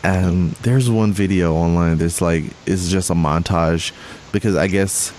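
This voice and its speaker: A man's voice: low-pitched, steady tone, measured pace, a little mellow. A young man co-hosting a podcast in casual chat, rambling with restarts and frequent laughter. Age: young adult. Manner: rambling, self-correcting, laughs often. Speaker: podcast co-host. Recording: faint hiss.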